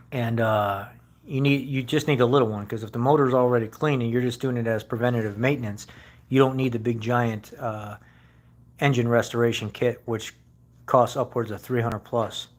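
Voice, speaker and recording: A man's voice: mid-range voice, low-quality recording. A man hosting a car channel, chatting casually with viewers and telling stories earnestly, hesitating often with many fillers. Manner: earnest storytelling.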